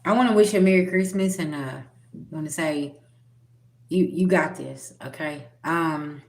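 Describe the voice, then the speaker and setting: A woman's voice: deep voice, normal speed, darkish tone. A woman giving a spiritual reading straight to the viewer, earnest and direct. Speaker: spiritual reader. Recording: roomy echo.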